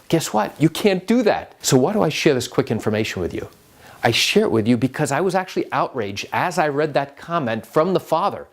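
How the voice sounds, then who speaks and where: A man who is an attorney, explaining a legal topic straight to the camera in an emphatic way, full of rhetorical questions. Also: fairly high pitch. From New York.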